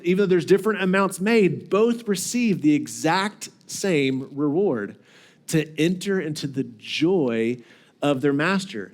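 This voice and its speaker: High-voiced man preaching conversationally. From United States. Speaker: pastor. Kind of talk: sermon. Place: church sanctuary.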